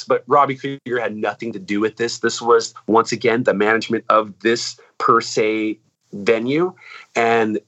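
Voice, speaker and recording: A musician talking in a casual, rambling way, swearing a lot and saying "like" and "dude" all the time. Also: male voice, on the low side, steady tone, moderate pace, fairly bright tone, highs cut off. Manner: rambling and profane, full of "like" and "dude". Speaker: musician in a band. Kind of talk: casual chat.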